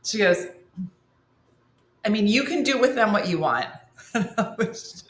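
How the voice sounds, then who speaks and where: A woman's voice: mid-range voice, animated, measured pace, long pauses, reverberant. A woman comedian hosting a morning show, telling a story and acting out her friend's lines. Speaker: comedian host.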